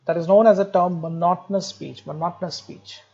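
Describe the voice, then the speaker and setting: A man's voice: high voice, fairly even intonation, brisk, creaky, a little mellow, muffled recording. A man giving a medical lecture, explaining step by step, repeating key terms and speaking directly to students with light jokes. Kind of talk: recorded exam-prep lecture.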